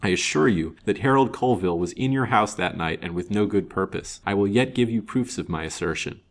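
A man's voice: on the low side, fairly quick, natural voice. A man reading aloud and voicing a frank, confident male detective. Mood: assured. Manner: frank, assured, earnest. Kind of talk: storybook reading.

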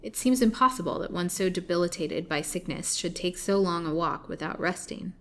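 A cautious, cold-blooded doctor, as a woman reading a storybook puts him on, laying out his plot in calm, measured words. The voice stays low and unhurried. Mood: calculating. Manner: measured, calculating. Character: cautious scheming villain doctor, cold and calculating.

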